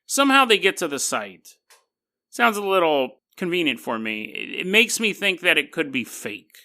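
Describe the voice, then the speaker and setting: A man's voice: fairly high pitch, gravelly, bright, forceful tone. A man hosting a podcast, telling a story in a casual monologue with wry, skeptical asides and frequent laughter. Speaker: podcast host.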